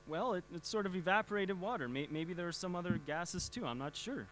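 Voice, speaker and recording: A man's voice: high-pitched, lively intonation, a little fast, fairly bright tone. A man reading a comic strip aloud, voicing a father who admits he doesn't know the answers. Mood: puzzled. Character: unsure, good-humored father.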